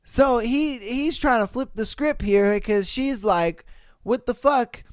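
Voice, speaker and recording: A young man hosting a live podcast stream, talking in a loose, animated and profane way. He laughs often between lines. The sound is close and dry, with no room around it. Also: extremely high pitch, slow, smooth, no echo. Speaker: podcast host. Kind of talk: casual live-stream chat.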